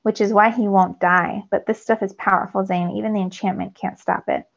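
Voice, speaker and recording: A woman reading aloud voices a calm, knowing teen girl who explains things patiently, on a slightly dull recording. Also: medium pitch, a little fast, gravelly.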